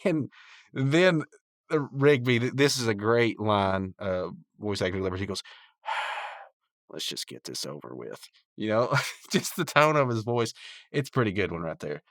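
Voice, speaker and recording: A man's voice: medium pitch, lively intonation, normal speed, fairly bright tone, no room sound, clean studio sound. A man hosting a podcast, casually recapping a cartoon episode in a rambling, laid-back way with frequent chuckles. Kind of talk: casual chat.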